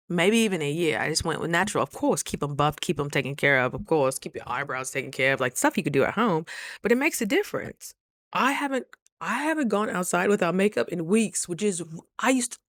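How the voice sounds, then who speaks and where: A young woman vlogs in a casual, chatty way, acting out what others said with lively asides to her viewers. Her voice sits a bit low for a woman, and the sound is close and dry with no room around it. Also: no echo. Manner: chatty, animated, acts out quoted dialogue; frequent rhetorical asides to viewers. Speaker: vlogger. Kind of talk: casual storytelling vlog.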